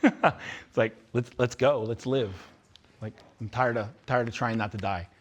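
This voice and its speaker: Speaking a little slowly in a mid-range voice, a man delivers a live motivational talk with Q&A to students at a youth retreat. His manner is blunt and intense, and he repeats himself for emphasis. The setting is a large indoor room with an audience present.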